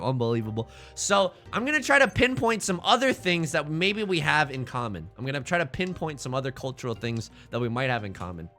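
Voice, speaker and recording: Lively, bright-voiced male streamer. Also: on the high side, fairly quick, hardly any pauses, soft background music. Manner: goofy, rambling, joking with chat between plays. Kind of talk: live-stream gameplay commentary.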